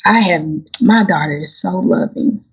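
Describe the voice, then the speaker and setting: A woman, a gospel singer, chatting as a guest and telling heartfelt stories with animated delivery. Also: on the low side, moderate pace. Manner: animated, heartfelt storyteller, addresses listeners as y'all. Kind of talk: casual interview chat.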